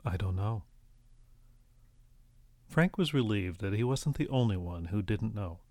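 A man reading a story aloud as an audiobook narrator, in a steady, even storytelling manner. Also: fairly low pitch, normal speed, dry recording, studio quality.

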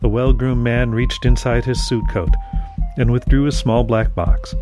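A man reading a dark fiction story aloud in a measured, scripted narration. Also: mid-range voice, level tone, over music.

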